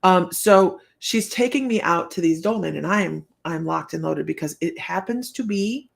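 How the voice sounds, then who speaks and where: With a lowish voice, moderate pace, and vocal fry, a woman runs a casual live stream as a psychic reader and show host. She rambles and chats through her stories, laughing often and using many fillers.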